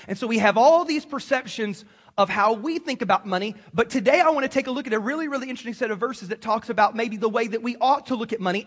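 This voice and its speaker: A man preaching a sermon to a congregation, animated and acting out quoted voices. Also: high-pitched. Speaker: pastor.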